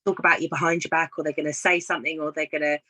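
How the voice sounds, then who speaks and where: Bright woman telling stories. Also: low-pitched, level tone, rapid-fire, low-quality recording. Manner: storytelling, encouraging, acts out quoted dialogue. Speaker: guest business consultant. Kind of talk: casual live video chat.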